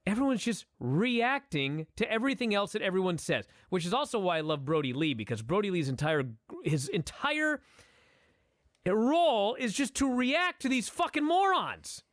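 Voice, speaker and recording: A man co-hosting a casual podcast, swearing freely and giving blunt opinions. His voice sits a little high and rises and falls a lot as he talks. The recording is close and dry. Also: moderate pace, dry recording. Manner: profane, opinionated, animated. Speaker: podcast co-host. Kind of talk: casual chat, wrestling review.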